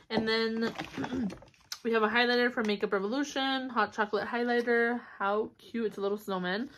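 A woman's voice: on the high side, steady tone, moderate pace, fairly bright tone, slight background noise. A young woman chatting casually at home to a camera on a stand, upbeat and full of fillers. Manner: chatty, upbeat, with fillers and little squeals of delight. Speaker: vlogger. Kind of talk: casual haul vlog chat. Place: home, indoors.

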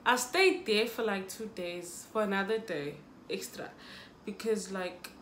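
A woman's voice: medium pitch, a little slow, a bit bright, echoey room, a little hiss or hum. A young South African woman telling a dramatic storytime to her viewers. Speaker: YouTuber. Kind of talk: storytime vlog.

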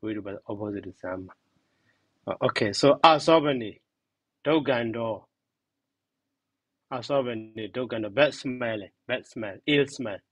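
Calm man teaching grammar slowly. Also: mid-range voice, no room sound. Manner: slow, repeats terms and glosses them. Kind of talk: classroom grammar lesson.

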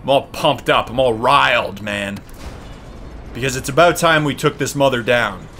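A man hosting a let's play, talking casually and excitably, yelling and swearing at the game. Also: medium pitch, normal speed, slight background noise. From Canada. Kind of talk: casual gaming commentary.

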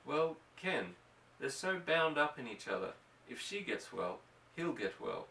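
Storybook ranch wife, higher and hushed, anxious, as a male reader puts her on, roomy distant sound. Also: very animated, a little slow, vocal fry, exaggerated voice.

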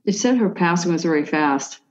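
Lady medium doing a reading, kinda lowish, lots of "like" and stops, muffled audio. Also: expressive, a little fast, a little mellow. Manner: hesitant, full of "like" and restarts. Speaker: psychic medium. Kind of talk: conversational reading for a sitter. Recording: dull lo-fi sound.

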